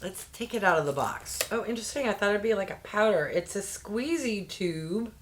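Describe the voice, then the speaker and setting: A woman reviewing a beauty subscription box in a candid, chatty way with quick exclamations. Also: mid-range voice, animated, background noise. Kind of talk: casual unboxing chat.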